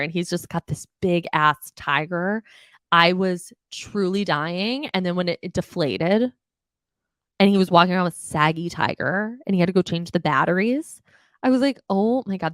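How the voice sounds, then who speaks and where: This young adult woman hosting a podcast has a fairly low voice and a moderate pace as she recaps reality TV. Casual, animated, and exasperated, she swears freely and mimics people, in a dry, clean studio recording.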